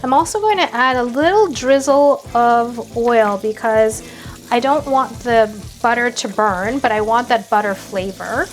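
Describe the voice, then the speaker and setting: A woman's voice: fairly high pitch, a little slow. A woman hosting a cooking video, chatting playfully as she walks through each step of a recipe. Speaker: cooking show host. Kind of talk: casual cooking demonstration. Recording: background music under voice.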